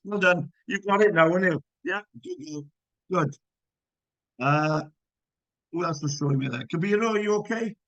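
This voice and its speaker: A man's voice: sits high, moderate pace, long pauses, a bit bright, no room sound, dull audio. A man teaching physics in a live online class, checking students' answers with encouragement and working through problems step by step.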